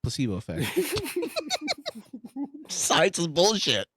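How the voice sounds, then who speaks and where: A man on a podcast mic, talking in loose banter that keeps breaking into laughter and curse words. His voice sits a little high and swings wildly up and down. The sound is close and dry. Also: slow pace, dry recording. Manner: animated, laughing, heavy swearing. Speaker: podcast co-host.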